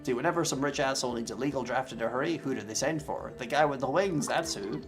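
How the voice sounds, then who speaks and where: A man's voice: mid-range voice, quick pace, music in the background, lightly acted. A man voicing a sly little red winged devil scribe in tabletop role-play, smug and lawyerly. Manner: smug, wheeling-dealing lawyerly patter.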